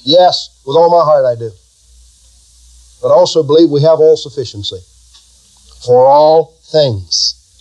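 A man preaches from the pulpit in a notably high voice. He stacks up repeated lines for emphasis and leads the congregation in call-and-response scripture. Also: a little mellow, poor audio. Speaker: pastor. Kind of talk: sermon.

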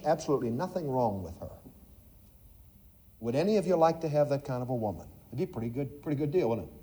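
Animated preaching man, higher voice. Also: husky. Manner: preaching with sweeping swings in pitch and loudness, drops to near-whisper asides. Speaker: pastor. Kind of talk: sermon.

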